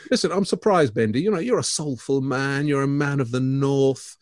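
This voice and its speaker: A Scottish man co-hosting a relaxed art podcast, chatty and teasing in tone. His voice sits in a middle register. It is recorded close and dry, with no room sound. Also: medium pitch, normal speed, no echo. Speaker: podcast co-host. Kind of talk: casual chat.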